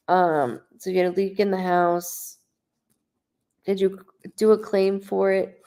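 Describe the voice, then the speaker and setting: Gravelly-voiced woman giving a psychic reading. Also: fairly low pitch, little pitch movement, measured pace, pauses often, mellow. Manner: emotional, conversational, relays quotes in a lifted voice. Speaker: psychic medium. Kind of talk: live-streamed psychic reading.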